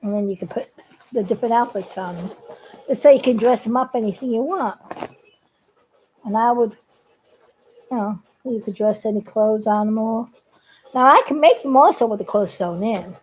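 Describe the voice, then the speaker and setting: A woman's voice: fairly high pitch, moderate pace, pauses often, darkish tone, slight background noise, low-quality recording. A woman who makes puppets, chatting casually and giggling as she shows how she builds them. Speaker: puppet maker. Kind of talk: casual craft demonstration.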